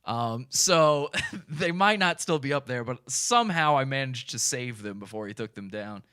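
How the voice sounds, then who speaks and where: A man's voice: mid-range voice, expressive, normal speed, sharp tone, clear, resonant tone, no echo, studio quality. A man hosting a live stream, commenting casually and animatedly, often laughing between lines.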